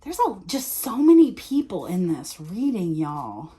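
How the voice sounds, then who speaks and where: A woman's voice: on the low side, wildly swooping pitch, unhurried, dark tone. A woman doing a casual tarot reading, chatting and thinking aloud as she turns and reads the cards. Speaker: tarot reader.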